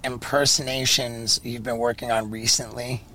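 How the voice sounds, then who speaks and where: A man co-hosting a casual podcast who asks measured, thoughtful questions. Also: mid-range voice, level tone, bright, forceful tone, a little hiss or hum, poor audio. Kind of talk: casual chat.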